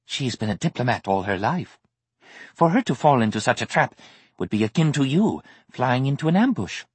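A man voicing a small feathered female alien creature with a wispy, high, mocking voice in an audiobook. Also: sing-song, moderate pace, breathy edge, no echo. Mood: matter-of-fact. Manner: mocking, matter-of-fact.

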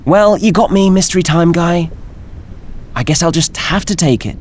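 A man voicing a gleeful young female scavenger scientist with a high-pitched, nasal voice and casual slang. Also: animated, normal speed, a little hiss or hum, lightly acted. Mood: cheeky. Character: young woman scavenger scientist, excitable, cheeky.

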